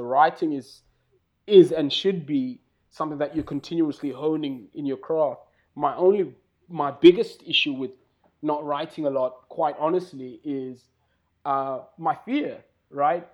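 A man with a South African accent talks casually as a podcast guest. His voice sits a little high, and he is animated and quick to laugh at himself. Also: lo-fi sound. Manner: animated, laughs often, self-deprecating. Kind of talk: casual chat.

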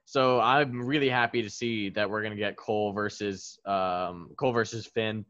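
A man's voice: on the low side, normal speed. Rambling man filling his talk with "like". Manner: rambling, lots of "like", animated. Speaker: podcast co-host. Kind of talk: casual chat. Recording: dull lo-fi sound.

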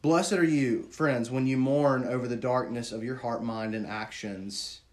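Speaking at a measured pace with fairly even intonation, a man preaches a heartfelt sermon and asks his audience questions. He drops into a soft, low voice for words of grief.

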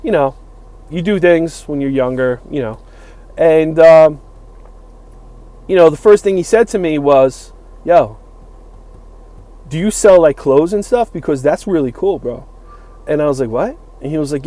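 This utility worker in his forties speaks a little high, with an expressive, dark-toned voice and no echo around it. Unhurried and pausing often, he rambles through a lengthy personal story, full of fillers and acted-out quotes.

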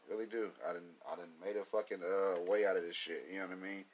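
A man's voice: deep voice, level tone, fairly quick, slight background noise. A man talking in a casual, rambling monologue, swearing freely, laughing often and leaning on fillers. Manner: profane, loose, laughs often, many fillers. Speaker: commentator.

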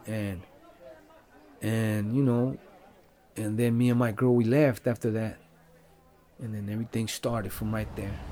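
A man's voice: medium pitch, a little mellow. Laid-back man telling his story. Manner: loose and rambling, heavy on "like" and "you know"; profane street slang. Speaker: podcast guest telling his life story. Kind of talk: casual storytelling.

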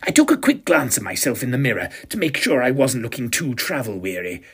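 A man's voice: mid-range voice, very animated, fairly quick, a bit bright, slightly rough. A man in his fifties narrating a first-person audio drama with a pompous, self-satisfied, arch manner. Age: 50s.

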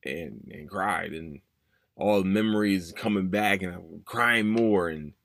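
Telling a personal story on his podcast, a man in his 30s wanders emotionally and circles back over the same ground in a casual monologue. His deep voice is gravelly and fairly bright, unhurried in pace, with no echo.

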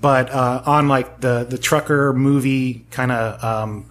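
A man's voice: mid-range voice, flat delivery, slow, a bit bright. A man in his forties chatting as an interview guest, rambling and self-mocking, laughing often. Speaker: guest, audio drama maker. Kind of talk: casual interview chat.

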